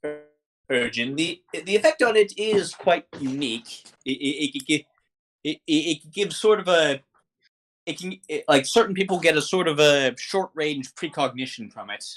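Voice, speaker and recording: A game master voicing a polite male shopkeeper who sells weapons, talking in a formal, halting sales patter. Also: medium pitch, lively intonation, close to an everyday voice. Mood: salesy.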